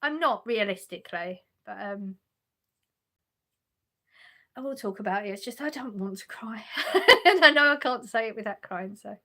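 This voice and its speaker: This livestream host sits on her sofa at home, casually reading and answering chat messages amid frequent laughs and restarts. She talks at normal speed in an expressive, medium-pitched voice that's bright and forceful.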